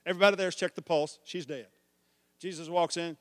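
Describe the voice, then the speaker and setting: High-voiced animated preacher. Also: male voice, a little fast, long reverb tail. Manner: animated storytelling preacher, swings from hushed to shouting. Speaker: pastor. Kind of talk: sermon.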